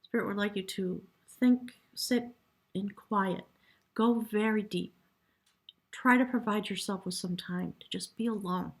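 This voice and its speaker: A woman giving a spiritual tarot reading in a soft, reverent way, sometimes dropping to a hush and getting choked up. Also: medium pitch, measured pace. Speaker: tarot reader.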